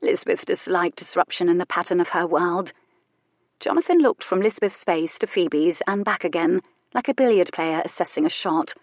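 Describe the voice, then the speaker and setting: A woman narrating a romance audiobook in a measured, even storytelling manner. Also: lowish voice, no room sound, studio quality.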